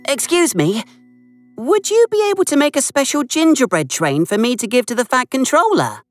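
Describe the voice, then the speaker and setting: A storyteller voicing a friendly, eager young male tank engine in a bright storybook voice. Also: high-pitched, sing-song, normal speed, no echo, faint music behind, voice pushed up. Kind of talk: storybook read-aloud.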